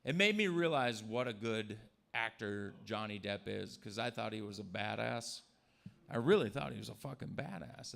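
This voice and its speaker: Gravelly bright-voiced crude stand-up comic. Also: male voice, on the high side. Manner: crude, provocative, jumps into mocking voices. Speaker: stand-up comedian. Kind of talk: stand-up set. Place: comedy club stage.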